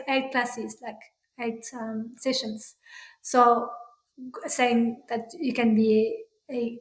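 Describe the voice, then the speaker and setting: A woman with a French accent, a parenting practitioner answering interview questions in a halting way with many fillers and restarts. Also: on the high side, reverberant. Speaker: parental burnout practitioner, guest.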